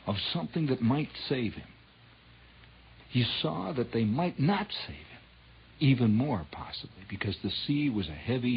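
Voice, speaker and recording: A man telling a dramatic true story on old radio, dropping to hushed whispers and rising to loud swells. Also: medium pitch, a little hiss or hum. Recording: dull lo-fi 1960s radio recording.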